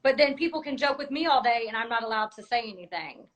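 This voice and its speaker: A woman's voice: a little high, expressive, fast talker, low-quality recording. A woman in a heated conversation, insistently explaining her side at length. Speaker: cast member.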